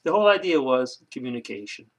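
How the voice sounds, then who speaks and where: Casual male vlogger, gravelly tone, rambling delivery with fillers. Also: mid-range voice, very animated, fast. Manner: rambling, joke-telling, many fillers and restarts. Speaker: video blogger. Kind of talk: casual vlog chat.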